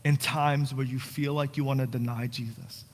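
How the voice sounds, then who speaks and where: Earnest young pastor in a reverberant hall. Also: male voice, mid-range voice, fairly even intonation, moderate pace, slight background noise. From New Jersey. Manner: conversational, joking asides, earnest pleading. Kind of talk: sermon. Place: church sanctuary. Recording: long church hall reverb.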